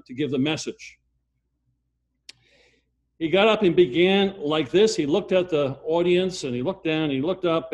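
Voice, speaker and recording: Older male preacher, slightly high voice, emphatic and repetitive, with swings from loud to hushed. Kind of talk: sermon storytelling.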